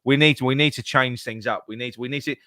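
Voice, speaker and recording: A man's voice: medium pitch, fairly even intonation, quick pace, pushed and bright, dry recording, clean studio sound. A man talking football on a podcast, swearing often and restarting his sentences. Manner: swears a lot, stumbles and restarts, heated. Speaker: podcast co-host. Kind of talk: casual football chat.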